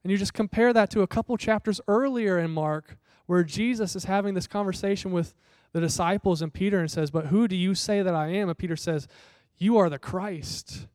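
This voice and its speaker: A man's voice: sits high, brisk, darkish tone, smooth, dry recording. A male pastor preaching a sermon in a conversational, storytelling way, sometimes voicing the people in the passage.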